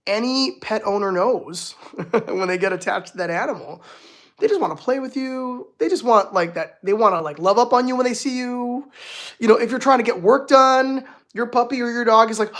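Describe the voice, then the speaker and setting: An excitable spiritual healer chatting casually on a home live stream. The voice sits at a middle pitch and gushes with exclamations and laughter. Sentences stop and restart often, full of filler words. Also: moderate pace.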